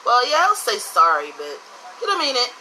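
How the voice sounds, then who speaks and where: Woman from the US, casual monologue, blunt and swearing, tense bright tone, light background hiss. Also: on the high side, huge pitch swings, normal speed, poor audio. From United States. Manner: blunt, profane, emphatic.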